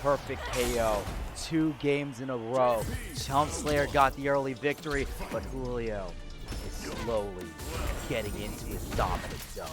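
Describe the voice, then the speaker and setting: Male play-by-play caller, mid-pitched, hypes big moments, music bed underneath. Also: unhurried. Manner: excitable, shouts at big moments. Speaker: tournament commentator. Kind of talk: fighting game play-by-play commentary. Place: gaming venue.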